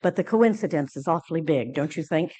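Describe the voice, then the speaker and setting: A woman speaking at a conference, telling a personal story with lively acted-out dialogue and frequent fillers and restarts. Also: low voice, fairly quick, breathy edge. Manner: animated storytelling, acting out quoted dialogue. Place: conference lecture hall.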